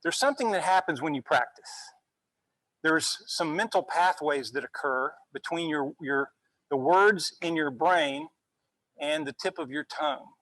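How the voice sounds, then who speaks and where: A male university instructor giving a relaxed classroom lecture, often checking in with "okay?" as he goes. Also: fairly high pitch, unhurried, dry recording, poor audio. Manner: conversational, frequent "okay?" check-ins.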